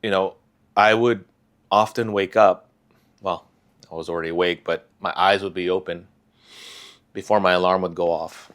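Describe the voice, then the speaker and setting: Vlogger, male, lowish voice; soft, halting confessional delivery with sighs and restarts. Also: steady tone. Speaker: vlogger sharing a personal story. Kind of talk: confessional personal talk.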